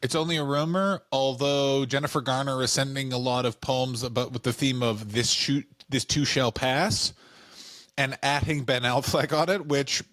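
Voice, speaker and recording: A man's voice: medium pitch, steady tone, normal speed, few pauses, a bit bright, no room sound. A man co-hosting a comedy podcast, chatting loosely and joking, often slipping into silly put-on voices. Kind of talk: casual comedic chat.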